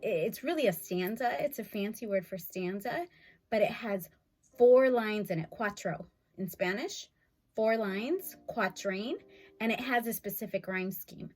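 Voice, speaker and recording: A woman teacher walks through a video lesson, upbeat and explanatory. She speaks slowly and deliberately, counting out beats. A faint music track plays softly underneath her voice. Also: medium pitch. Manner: clapping out syllables, upbeat and explanatory.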